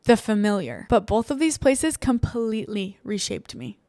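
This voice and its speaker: A young woman from the United States speaks in a chatty, confessional way, peppering her sentences with "like" and little laughs. Her pitch sits in the middle of the range. The sound is dry and close, with almost no room around it. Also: very animated, moderate pace, warm tone, dry recording. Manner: chatty, heavy use of "like", frequent laughs. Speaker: podcast host. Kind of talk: candid personal monologue.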